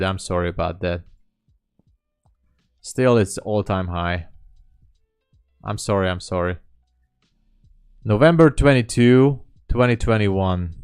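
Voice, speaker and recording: Man, live trading stream, slow unhurried talk, smooth clear voice, thinking aloud, apologetic. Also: sits low, no echo, clean studio sound. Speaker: livestream day trader.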